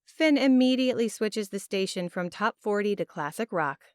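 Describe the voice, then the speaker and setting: Expressive woman narrating an audiobook. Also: mid-range voice, moderate pace, smooth, no echo. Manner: expressive, emotional storytelling. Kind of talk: first-person audiobook narration. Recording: dry, close studio sound.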